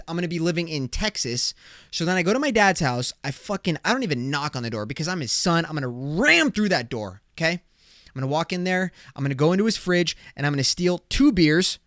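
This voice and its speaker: A man's voice: fairly high pitch, a little fast, no echo, clean studio sound. A man hosting his own podcast, chatting casually and reacting to clips, cursing a lot and acting out exaggerated imagined conversations. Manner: animated, swearing, acts out exaggerated imagined dialogue. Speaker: podcast host.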